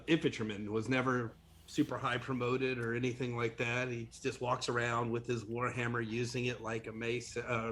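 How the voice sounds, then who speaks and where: Man, tabletop player, halting, gravelly, flat delivery. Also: medium pitch, a little hiss or hum. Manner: halting, many fillers. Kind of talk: casual character description.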